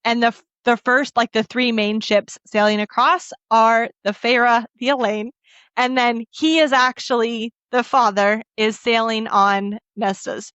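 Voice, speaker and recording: A woman's voice: a little high, fairly even intonation, unhurried, a bit bright, dry recording. A woman co-hosting a book podcast, retelling a fantasy novel's scenes in a casual, emotional way and quoting the characters' lines. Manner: emotional, laughs and chokes up while recounting. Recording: dull lo-fi dry audio.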